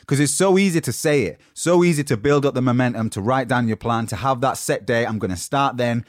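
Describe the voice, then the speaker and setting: A man's voice: mid-range voice, expressive, normal speed, few pauses, dry recording, clean studio sound. A young British man hosting a solo motivational podcast in a rambling, conversational way from his home. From Britain. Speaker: podcast host. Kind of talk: casual solo podcast talk.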